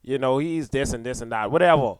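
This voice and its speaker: A man's voice: mid-range voice, a little fast, clean tone, no room sound. A man co-hosting a podcast in casual chat, blunt and opinionated and swearing freely. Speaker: podcast co-host.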